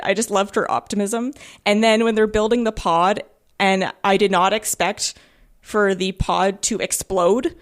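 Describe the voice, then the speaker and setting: A woman's voice: medium pitch, fairly even intonation, measured pace, smooth. A woman co-hosting a casual game podcast, enthusiastic and acting out characters' lines as she retells scenes. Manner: enthusiastic, acts out quotes. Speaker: podcast co-host. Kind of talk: casual chat about a video game.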